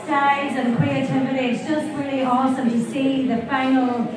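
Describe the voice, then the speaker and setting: Woman, effusive host, distant mic, booming echo. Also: flat delivery, normal speed. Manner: upbeat and effusive. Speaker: event host. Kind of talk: introducing a speaker. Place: echoey community hall. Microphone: far room mic. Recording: echoey hall from far off, loud crowd. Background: loud crowd.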